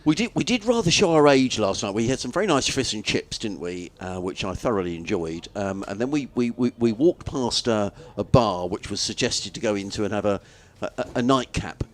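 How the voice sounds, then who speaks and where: A man's voice: fairly low pitch, expressive, moderate pace, hardly any pauses. A man commentating on cricket from a commentary box, chatty and rambling into anecdotes, laughing easily. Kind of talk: live radio-style ball-by-ball commentary.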